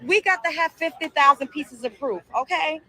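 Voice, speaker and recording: A woman's voice: sits high, moderate pace, pushed and bright, echoey room. A woman hosting a reaction commentary show, blunt and profane, firing off rhetorical questions.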